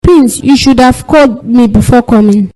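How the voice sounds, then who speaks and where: A woman's voice: on the high side, normal speed, mellow, natural voice. An actress playing a firm, protective young woman friend. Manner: firm, no-nonsense. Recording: long hall reverb.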